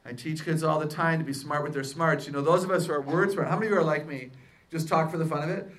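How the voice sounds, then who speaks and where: A woman addressing a live audience at a faith-based seminar. She talks in a lively way, keeps asking the crowd questions, and pokes fun at herself. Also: low-pitched, fast talker. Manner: playful self-mocking humor. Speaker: seminar speaker and author.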